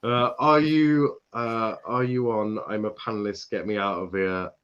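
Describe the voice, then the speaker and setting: A man from Ireland hosts a casual football talk show and reads out comments from the chat. He laughs often and stumbles into quick restarts. His voice comes through a dull, lo-fi mic. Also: lowish voice, fairly even intonation, a bit bright. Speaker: podcast host reading chat. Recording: dull lo-fi sound.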